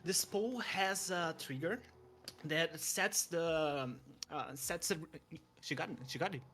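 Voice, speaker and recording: Young male speedrun commentator, higher pitch, excitable, frequent restarts, light background hiss. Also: unhurried. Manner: eager, stumbling restarts, chuckles. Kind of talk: live game commentary.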